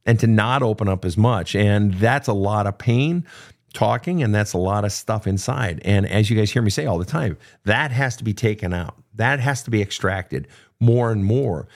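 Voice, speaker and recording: Middle-aged male host, low voice, blunt and profane, unscripted advice to listeners. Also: moderate pace. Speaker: podcast host answering listener questions.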